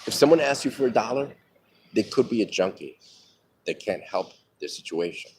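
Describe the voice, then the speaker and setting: Low-voiced man rambling candidly over street traffic. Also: expressive, normal speed, darkish tone, low-quality recording. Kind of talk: live personal storytelling.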